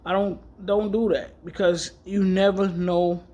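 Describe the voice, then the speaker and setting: A man's voice: high-pitched, flat delivery, unhurried, darkish tone. A man vlogging, telling a personal story candidly and emotionally, rambling and correcting himself as he goes. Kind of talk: casual personal storytelling vlog.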